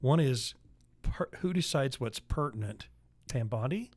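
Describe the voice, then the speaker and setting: Guy on a podcast giving his opinions, earnest, mid pitch. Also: animated, measured pace, darkish tone. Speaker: podcast co-host. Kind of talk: casual political chat.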